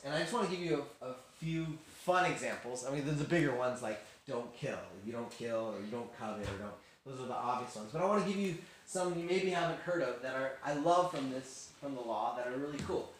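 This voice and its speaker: A man giving a casual, animated Bible lesson to a youth group, acting out quotes and laughing as he goes. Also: medium pitch, brisk. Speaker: youth teacher. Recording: very echoey room, faint hiss.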